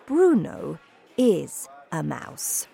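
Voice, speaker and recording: A woman voicing a kind grandmother who speaks softly and calmly. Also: lowish voice, very slow, gravelly, breathy edge, soft background music, heavily acted. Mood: calm quiet. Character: calm kind grandmother, quiet.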